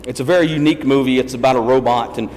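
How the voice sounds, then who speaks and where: Brief: male preacher, mid-pitch, folksy storytelling, roomy church reverb. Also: rapid-fire, darkish tone. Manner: chatty, anecdotal, repeats himself. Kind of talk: storytelling sermon. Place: church sanctuary. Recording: long church hall reverb.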